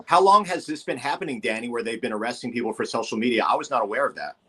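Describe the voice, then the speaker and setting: Bright-voiced man hosting a podcast. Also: medium pitch, lively intonation, racing, slightly rough. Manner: earnest, mock-incredulous questioning. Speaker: podcast host. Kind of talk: casual podcast chat.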